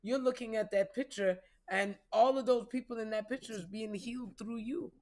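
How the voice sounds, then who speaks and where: A woman's voice: fairly high pitch, normal speed, darkish tone. A woman giving a casual spiritual reading, profane, playful and preachy. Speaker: spiritual reader.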